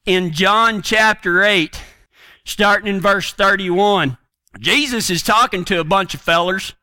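Brief: middle-aged male preacher, folksy and earnest, high bright voice, dry close sound. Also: measured pace, no echo. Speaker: preacher and horseman. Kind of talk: folksy sermon storytelling.

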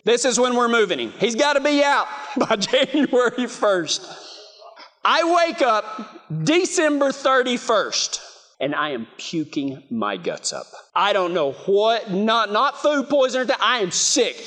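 Male West Texas preacher with a strikingly high voice, telling stories with a self-mocking humor, booming in a big reverberant hall. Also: big pitch swings, unhurried, fairly bright tone. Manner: chatty, self-mocking, lots of "you know". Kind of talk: storytelling sermon.

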